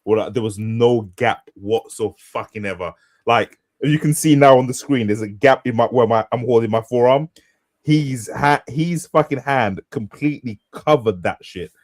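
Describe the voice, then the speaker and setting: A man's voice: medium pitch, measured pace. A man co-hosting a casual podcast, rambling through his thoughts. He hesitates and restarts his sentences often, speaking into a studio podcast mic. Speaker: podcast co-host. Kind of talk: casual chat.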